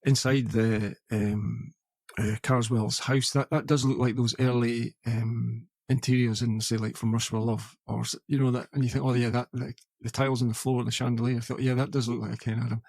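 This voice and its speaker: A man's voice: mid-range voice, flat delivery, a little fast, creaky, a little mellow, no room sound. Rambling man on a podcast. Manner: rambling, many fillers and restarts. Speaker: podcast co-host. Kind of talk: casual film chat.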